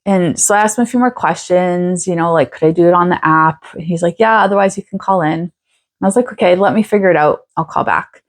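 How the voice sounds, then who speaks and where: A woman's voice: lowish voice, fast talker. Chatty woman telling a story. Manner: chatty, laughs often, animated quoting. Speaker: vlogger. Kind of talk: casual storytelling to camera.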